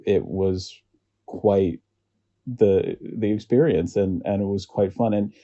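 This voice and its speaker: American man, podcast guest, low dark voice, chatty and rambling, muffled lo-fi audio. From United States. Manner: rambling, halting, laughs often. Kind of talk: casual chat.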